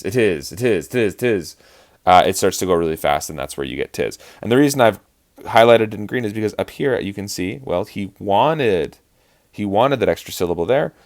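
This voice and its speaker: Guy teaching shakespeare rhythm, lowish voice, lots of uhs and restarts. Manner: explanatory, with frequent fillers and restarts. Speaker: acting teacher. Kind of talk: online lesson on verse speaking.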